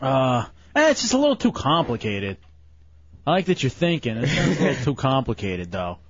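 Teasing radio host with a lively voice. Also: male voice, mid-range voice, normal speed. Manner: teasing, laughs often, runs the draft. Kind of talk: casual radio banter. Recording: dull lo-fi radio recording.

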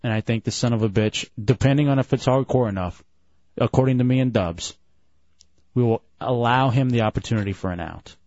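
A man hosts a radio show full of brash, crude, joking studio banter in a casual talk-radio style. His medium-pitched voice is brisk and darkish with no room sound, though the broadcast itself sounds dull and lo-fi.

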